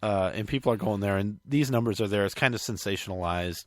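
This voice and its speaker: A man's voice: on the low side, quick pace, dry recording, studio quality. A man hosting a casual talk show, bluntly explaining and correcting the news. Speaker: host. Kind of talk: casual chat.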